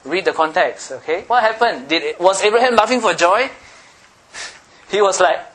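A man's voice: high-pitched, expressive, a little fast, fairly bright tone. A male pastor giving a sermon in a playful, teasing way, often checking in with his listeners.

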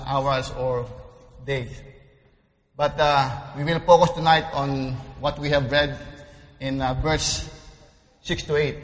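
Slow-speaking preacher with many pauses. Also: male voice, a little high, a bit bright. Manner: halting, many fillers. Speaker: pastor. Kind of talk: sermon. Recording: reverberant hall.

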